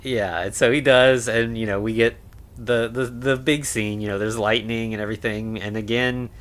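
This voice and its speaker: A man co-hosting a podcast, casually recapping a film with lots of fillers and quick acted-out lines. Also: medium pitch, fairly even intonation, a bit bright. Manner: laid-back, many fillers, acts out lines. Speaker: podcast co-host. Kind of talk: casual movie recap chat.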